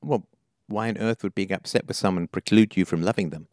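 A man's voice: low-pitched, fairly quick, a little mellow, no room sound, clean studio sound. A man hosting a call-in advice show, questioning a caller bluntly and emphatically. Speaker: call-in show host, philosopher.

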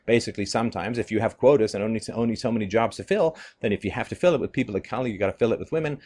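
A middle-aged man giving a monologue commentary, animated, often laughing and mimicking others in mocking quotes. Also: lowish voice, rapid-fire.

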